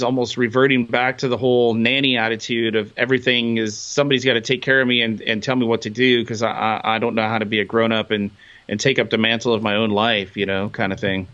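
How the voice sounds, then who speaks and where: A man's voice: medium pitch, flat delivery, brisk, a bit bright, lo-fi sound. A man co-hosting a podcast from his home, talking bluntly and earnestly with casual swearing. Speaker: podcast co-host. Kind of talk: casual chat.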